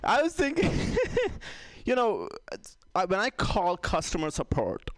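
Brief: male stand-up comic from India, self-mocking and rambling, with a lively, swooping delivery and a fairly high voice. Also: unhurried, no room sound. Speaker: stand-up comedian. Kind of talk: stand-up comedy set.

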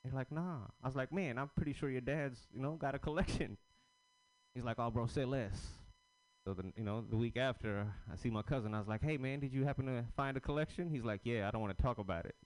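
Smooth-voiced man telling stand-up stories. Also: medium pitch, quick pace, no echo, poor audio. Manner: loose, rambling storytelling with crude jokes. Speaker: stand-up comedian. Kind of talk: stand-up set at an open mic.

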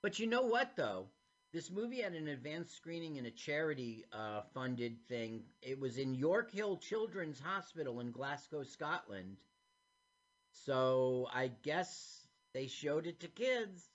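A man co-hosting a podcast, casually commenting on an animated film as it plays, animated and chatty. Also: a little high, unhurried. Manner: animated, talks over the film. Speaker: podcast co-host. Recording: dull lo-fi sound.

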